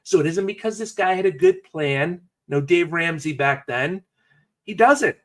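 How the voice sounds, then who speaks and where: A male pastor preaching in a chatty, storytelling way, tossing in jokey asides. His voice sits a bit high and leaps around a lot in pitch. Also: expressive, measured pace. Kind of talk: sermon.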